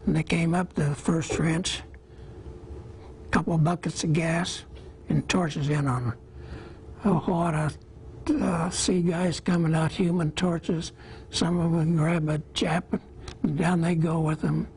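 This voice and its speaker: A man in his eighties from Iowa, a war veteran telling his memories in an interview, plain-spoken and halting, with small pauses. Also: a little high, level tone, darkish tone, a little hiss or hum, poor audio.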